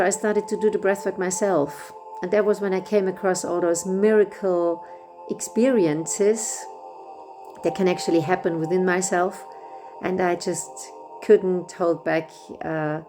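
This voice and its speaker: A middle-aged woman whose first language is German, guiding a breathwork session in a gentle, unhurried way with small restarts. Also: on the low side. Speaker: breathwork facilitator. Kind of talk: guided breathwork instruction.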